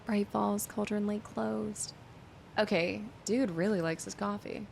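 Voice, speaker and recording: Young woman game streamer, slow drawl with vocal fry, faint background hiss. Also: medium pitch, fairly even intonation. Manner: musing aloud, reading in-game notes, dropping to whispers. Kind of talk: let's-play commentary.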